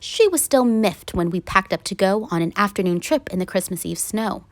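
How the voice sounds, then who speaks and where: A woman reading a rhyming children's picture book aloud in an animated, singsong way. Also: mid-range voice, normal speed, dry recording, faint music behind. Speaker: read-aloud narrator.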